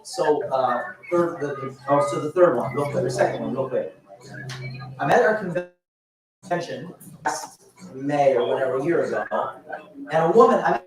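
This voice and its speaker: A man in his fifties giving a motivational speech at a business event, telling stories in an animated way with frequent restarts. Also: on the high side. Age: 50s. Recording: echoey hall, voice from far off.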